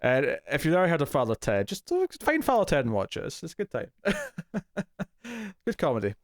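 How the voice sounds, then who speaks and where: A man's voice: on the high side, huge pitch swings, normal speed, no echo, clean studio sound. A man co-hosting a TV review podcast in casual chat, talking loosely with lots of fillers and easy laughs.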